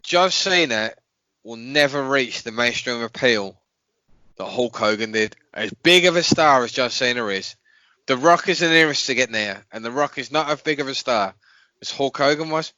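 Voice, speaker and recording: A man's voice: medium pitch, animated, normal speed, bright, forceful tone, no room sound, lo-fi sound. A man co-hosting a podcast, blunt and emphatic in his opinions. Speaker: podcast co-host. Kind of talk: casual podcast chat.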